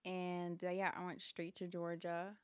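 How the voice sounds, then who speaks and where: A young woman in her twenties from Jamaica, a model and actress chatting as a guest, playful and quick to joke. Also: on the low side, monotone, clean tone, no room sound. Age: 20s. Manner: playful, jokey, quick to laugh. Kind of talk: casual chat.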